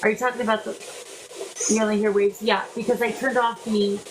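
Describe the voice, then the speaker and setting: A woman's voice: mid-range voice, flat delivery, brisk, background noise. A woman hosting a live paranormal investigation, calling out to spirits and answering viewers by name. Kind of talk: live ghost-hunt chat.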